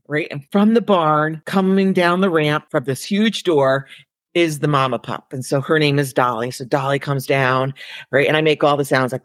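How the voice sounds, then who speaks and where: A woman's voice: low voice, no room sound. Chatty woman with a dry close mic. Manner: animated, chatty, many "like"s and "you know"s. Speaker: elementary school counselor, podcast guest. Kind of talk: casual storytelling in an interview.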